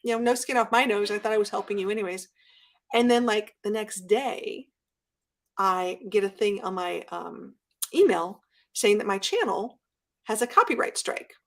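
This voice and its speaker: A woman guest chatting casually in an interview, telling stories with lively acted-out quotes. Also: mid-range voice, moderate pace. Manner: animated storyteller, acts out quotes. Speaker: guest YouTuber.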